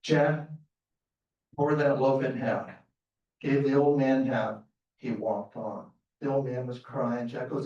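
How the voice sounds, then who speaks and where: A man's voice: medium pitch, unhurried, pauses often, muffled recording. Guy telling a spooky folktale to a crowd, asks them questions, echoey and distant. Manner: lively, asks the audience questions. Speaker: storyteller. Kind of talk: live folktale storytelling to an audience. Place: theater stage. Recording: roomy theater sound from far off.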